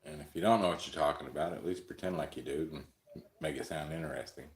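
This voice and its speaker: A man's voice: extremely low pitch, fast, roomy sound. A man hosting a live stream, telling rambling, crude, joking stories and chuckling often. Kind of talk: casual storytelling chat.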